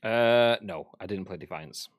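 A man's voice: deep voice, measured pace, dry recording, studio quality. A young man co-hosting a casual gaming podcast, joking, laughing often and swearing casually. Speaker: podcast co-host. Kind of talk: casual chat.

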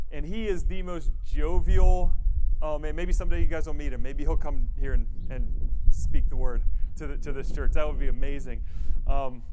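An earnest male missionary preaches to a church, weaving personal stories into his sermon. His voice sits a little high for a man, and he acts out what others said with animated energy. A faint hiss runs behind him. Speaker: missionary guest speaker at a church.

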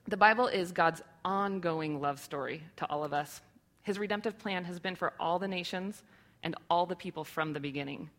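A woman's voice: on the low side, normal speed, fairly bright tone. A woman in her thirties giving a sermon to her church, earnest and conversational, with many rhetorical questions. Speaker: church speaker.

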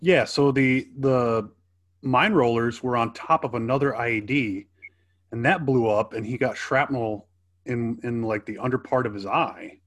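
A man's voice: mid-range voice, a little slow. Laid-back man telling army stories. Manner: animated, laughs often, acts out quotes. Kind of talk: casual storytelling chat.

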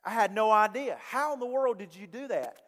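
A man voicing a flustered, excitable businessman with a raised voice, heard with long hall reverb. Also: sits high, fairly quick, pitched above the performer's own voice. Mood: amazed.

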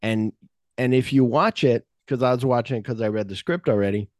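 A man's voice: mid-range voice, brisk, darkish tone, no room sound, studio quality. A man hosting a podcast, casually retelling movie scenes and acting out the lines he quotes. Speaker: podcast host. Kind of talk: casual film discussion.

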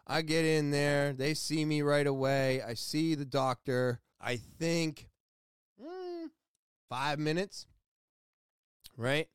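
A man podcasting, telling a story in a casual, animated way and acting out both sides of the conversations. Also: fairly high pitch, takes it slowly, long pauses, clean tone, dry recording, studio quality.

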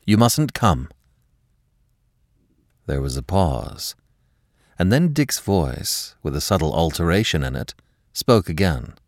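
A man with a deep voice reads a classic story aloud as a podcast host, shaping each sentence with dramatic, expressive storytelling. His pitch swoops widely through the narration, and the sound is close and dry with no room around it. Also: a little slow, gravelly, no echo.

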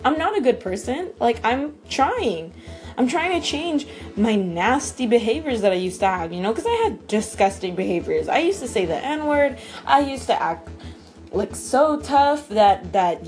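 A woman's voice: fairly high pitch, darkish tone. A young woman hosting a solo podcast, talking in a rambling, emotional way, swearing freely and sounding tired. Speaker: podcast host.

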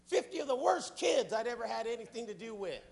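A middle-aged man preaching with fervor and a strikingly high voice. He swings from soft, low passages to ringing shouts at the congregation. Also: very animated, fairly quick, creaky. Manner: fervent, building to shouts. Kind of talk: sermon.

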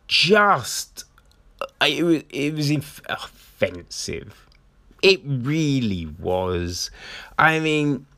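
Man, film reviewer, slow unhurried pace, blunt, swears, restarts a lot. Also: medium pitch, a bit bright. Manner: frank, indignant, swears, many restarts and fillers. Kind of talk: casual film review monologue.

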